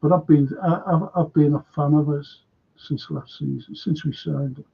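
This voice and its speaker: A man's voice: fairly high pitch, fairly even intonation, normal speed, gravelly, breathy edge, lo-fi sound. A man with a Liverpool accent hosting a casual live stream, chatting and reading out viewer comments. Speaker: fan channel host.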